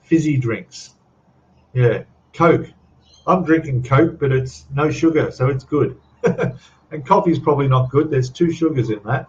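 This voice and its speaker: Older Aussie male stream host, chatty and rambling, mid pitch, slightly dull audio. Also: moderate pace, a little mellow. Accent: Australian. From Australia. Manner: rambling, chatty, laughs often, reads out chat. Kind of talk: casual live stream chat.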